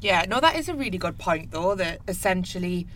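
Bright, lively woman host. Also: on the low side, slight background noise. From North East England. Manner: chatty, quick to laugh. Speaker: radio host. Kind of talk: casual chat.

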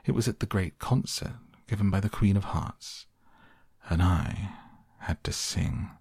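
A man voicing a mournful, quarrelsome hatter in a slow storybook reading. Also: sits low, creaky, a little mellow, husky, no room sound, clean studio sound, full character voice. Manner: mournful, argumentative.

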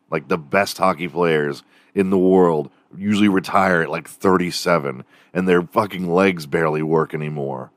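A young Texan man rants casually on his own podcast, swearing freely and wandering off topic. His voice sits low and deep. It sounds close and dry, with no room around it. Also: dry recording. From Texas. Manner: profane, rambling, mimics accents for jokes. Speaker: podcast host. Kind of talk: casual rant.

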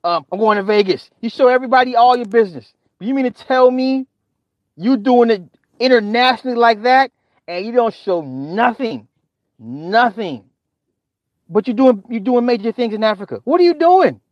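A middle-aged man with a rather high-pitched voice holds forth in a profane livestream rant, exasperated and laughing between outbursts. His voice sits close and dry on the mic, with no room sound. The sound is a bit dull, like a modest lo-fi setup. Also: moderate pace, no room sound. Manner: animated, exasperated, laughs often. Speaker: livestream host. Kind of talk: profane ranting commentary.

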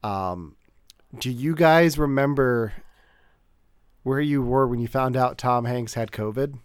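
A man's voice: medium pitch, slow, clean tone, dry recording. A man hosting a casual podcast chat in a dry, close sound. He steers the conversation in a rambling way and laughs often. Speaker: podcast host.

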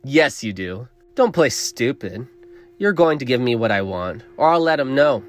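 A man's voice: medium pitch, sing-song, normal speed, soft background music, close to an everyday voice. A man voicing a proud young woman with powers who speaks coldly and condescendingly. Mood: cold defiant. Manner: cold, cutting, condescending.

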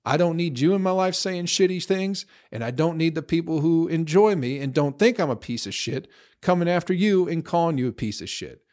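A man's voice: on the high side, expressive, normal speed, darkish tone. A man ranting to his social media followers in a heated, profane, rambling monologue.

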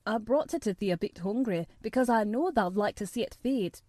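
Woman doing a gentle country boy. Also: mid-range voice, expressive, brisk, dry recording, clean studio sound, natural voice. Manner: gentle, easygoing.

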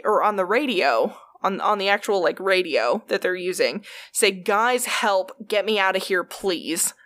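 A woman retelling stories in a loose, chatty way, swearing freely and padding her sentences with fillers. Her voice sits at a middle pitch, and she moves at an ordinary pace. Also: fairly bright tone. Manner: chatty, profane, heavy on fillers. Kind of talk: casual storytelling.

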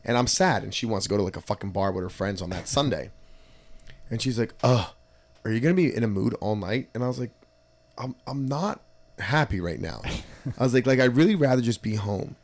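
A man hosting a casual podcast, telling profane personal stories with lively retold dialogue. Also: mid-range voice, fairly quick. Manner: storytelling, profane, animated retelling. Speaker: podcast host. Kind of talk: casual chat.

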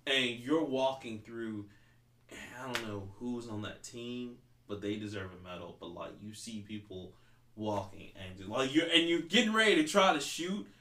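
Brief: male podcast host, loose and profane, filler-heavy storytelling, mid pitch, roomy echo. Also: expressive, normal speed, pushed and bright, slight background noise. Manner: rambling, profane, heavy use of "like". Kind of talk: casual chat.

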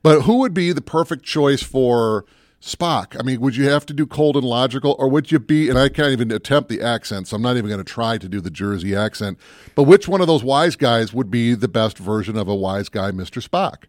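On a casual movie chat podcast, a male co-host with a mid-range voice talks fairly quickly, rambling and musing aloud and often cutting himself off mid-thought. The recording is studio quality with no room sound.

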